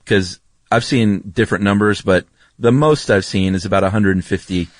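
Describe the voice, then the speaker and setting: Podcast co-host: man, lowish voice, chatty and explanatory, dry close recording. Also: normal speed, no room sound. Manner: chatty and explanatory, with frequent ums. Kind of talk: casual chat.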